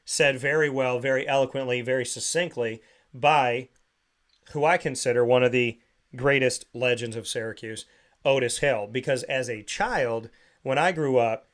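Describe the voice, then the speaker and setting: Through a studio microphone, a man with a mid-range voice hosts a sports talk show at normal speed. He tells a story in casual chat, animatedly acting out the voices of the people involved.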